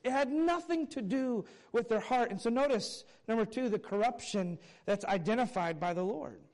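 A man's voice: extremely high pitch, darkish tone. A man preaching a morning sermon as pastor, earnest and emphatic, with occasional wry asides.

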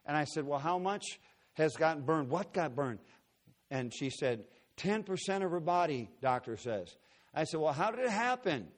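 A man's voice: on the high side, big pitch swings, moderate pace. A middle-aged male preacher telling a personal story in a sermon, acting out the dialogue dramatically.

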